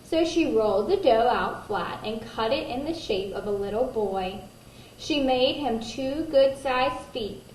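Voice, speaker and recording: A woman kindergarten teacher reading a picture book aloud to children, gentle, pausing to ask them questions. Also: a little high, animated. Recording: roomy echo, distant mic, faint noise.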